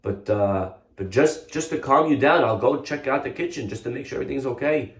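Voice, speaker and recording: A man voicing a blunt male innkeeper with an offhand, low-key manner. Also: a little fast, close to an everyday voice. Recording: echoey room.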